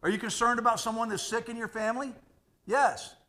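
A man preaching a sermon as pastor, animated and conversational, jumping from loud bursts to hushed asides. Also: very high voice, brisk.

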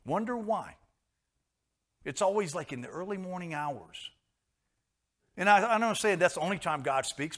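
Male preacher, slightly high-pitched, dynamic sermon delivery, hushed to loud, repetitive emphasis. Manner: swings between hushed and loud, repeats phrases for emphasis.

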